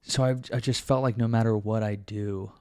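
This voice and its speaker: A man with a low voice full of gravelly fry speaks in a dry, close recording. He rambles through a reflective vlog monologue, padding it with "um" and "uh" and restarting sentences. Now and then he teases himself aloud with a short laugh. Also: steady tone, normal speed, warm tone, no echo. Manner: rambling, many fillers and restarts; talks to himself with self-mocking laughs. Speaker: vlogger.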